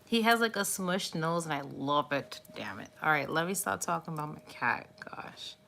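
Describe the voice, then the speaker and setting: A woman host chatting casually with viewers on a live stream, warm and cooing as she talks about cats. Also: low-pitched, expressive, moderate pace, vocal fry, slight background noise. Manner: chatty and affectionate, cooing baby talk at her cat. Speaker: tarot reader live streaming.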